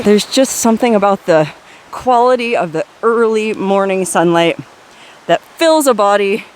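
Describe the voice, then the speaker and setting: A woman's voice: on the high side, slight background noise. Wry, enthusiastic woman vlogging outdoors. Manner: enthusiastic and wry, with salty humor. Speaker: hot spring travel vlogger. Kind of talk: chatty outdoor travel vlog. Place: outdoors on a forest canyon trail by hot springs.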